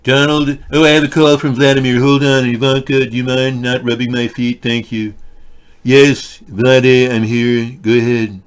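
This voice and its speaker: A man's voice: mid-range voice, little pitch movement, normal speed, clean tone, lightly acted. A man doing a brash blustering politician. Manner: loud, blustering, rambling. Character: brash, boastful older male politician on the phone.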